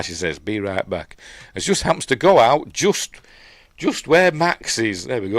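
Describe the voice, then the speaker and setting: Chatty Yorkshire man with a lively lilt. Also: on the low side, normal speed, no echo, clean studio sound. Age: middle-aged. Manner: rambling and chatty, many fillers and asides. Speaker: film reviewer host. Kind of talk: casual film recap and review.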